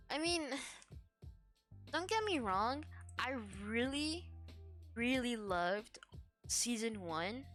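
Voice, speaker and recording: Slow, giggly young-sounding woman streamer. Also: sits high, a bit bright. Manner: giggly, filler-heavy, meandering. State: tired, yawning. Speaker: VTuber streamer. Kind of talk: casual rambling stream chat.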